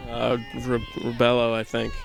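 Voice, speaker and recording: Outdoors at a softball game, a man from the Boston area calls the action casually in a monotone, creaky, medium-pitched voice at a measured pace. He rambles and keeps cracking self-deprecating jokes.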